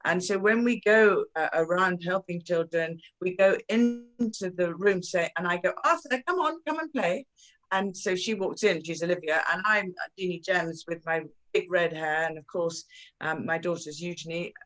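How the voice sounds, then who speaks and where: A woman and children's author talking effusively about her books at a launch interview, with many halting fillers and animated storytelling. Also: lowish voice, rough recording.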